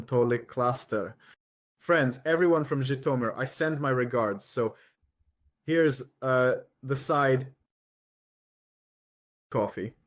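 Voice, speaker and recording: Chatty man vlogging from a truck cab. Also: mid-range voice. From Ukraine. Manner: rambling, chatty, addresses viewers as friends. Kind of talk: casual chat while driving.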